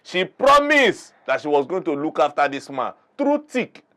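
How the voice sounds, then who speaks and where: A man's voice: a little high, big pitch swings, normal speed, sharp tone. A man with a Nigerian accent, a guest in a talk-show debate, arguing his side in an emphatic, preachy way. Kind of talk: heated debate argument.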